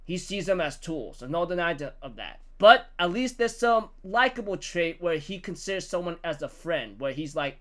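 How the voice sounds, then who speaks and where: Young male manga reviewer, high voice, excitable, acts out quotes. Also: moderate pace, hardly any pauses. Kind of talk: casual chapter recap.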